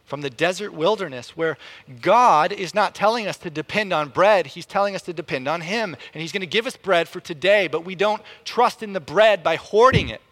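A man preaching a sermon in an animated way, often repeating words as he restarts a thought. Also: moderate pace. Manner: animated, rises in pitch and volume to act out quotes.

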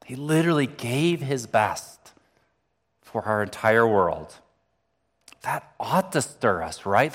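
A man's voice: medium pitch, fairly bright tone, in a large hall. A man preaching a sermon as pastor, talking earnestly and conversationally and lifting his voice when he reads scripture.

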